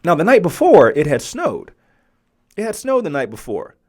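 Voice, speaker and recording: A man's voice: on the high side, wildly swooping pitch, moderate pace, a little mellow. A man in his forties, hosting a podcast and telling a personal story in a conversational way, often checking in with the listener. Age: 40s. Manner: conversational, often asks "right?". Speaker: podcast host.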